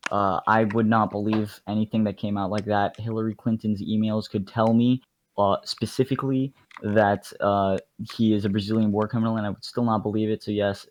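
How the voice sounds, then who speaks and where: A man's voice: lowish voice, slight background noise. A young man co-hosting a casual podcast, rambling and cocky in banter. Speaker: podcast co-host. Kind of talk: casual chat.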